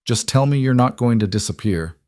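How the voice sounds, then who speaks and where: A man's voice: medium pitch, expressive, brisk, a little mellow, dry recording, studio quality, natural voice. A man doing an earnest, anxious young woman.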